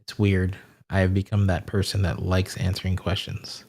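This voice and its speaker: A man's voice: sits low, normal speed, vocal fry. A man hosting a casual livestream Q&A, talking loosely and poking fun at himself. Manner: relaxed, self-deprecating, loose phrasing. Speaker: livestream host answering viewer questions.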